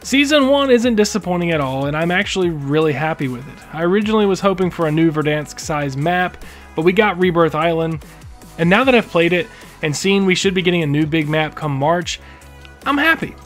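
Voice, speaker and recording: A man's voice: on the high side, animated, a little fast, soft background music. A man giving emphatic, opinionated gaming commentary as a YouTuber, indignant and sarcastic at times.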